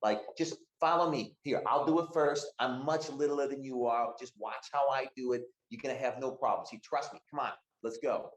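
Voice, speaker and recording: A man's voice: medium pitch, normal speed, hardly any pauses, reverberant, voice pushed up, lightly acted, poor audio. A man voicing a small, nimble young woman who chatters and coaxes. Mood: coaxing. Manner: chatty, coaxing.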